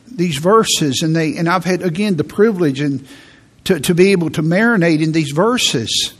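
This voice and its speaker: Slow, earnest male preacher. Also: on the high side, fairly bright tone. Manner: earnest, repeats words while preaching. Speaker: pastor. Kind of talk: sermon.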